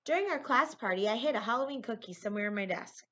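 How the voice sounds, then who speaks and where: Hyper, rambling schoolboy, read by a woman, bright, dull audio. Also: fairly high pitch, fast talker, pitched above the performer's own voice. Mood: excited. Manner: rambling, excitable. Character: goofy boy classmate, hyper and food-crazy. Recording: lo-fi recording.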